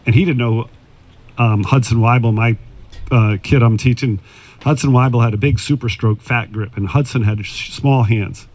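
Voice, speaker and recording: A man's voice: medium pitch, steady tone, moderate pace, a little mellow. Man telling golf stories outdoors. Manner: anecdotal, acts out quoted dialogue. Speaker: former tour golfer giving putting advice. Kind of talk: casual storytelling talk.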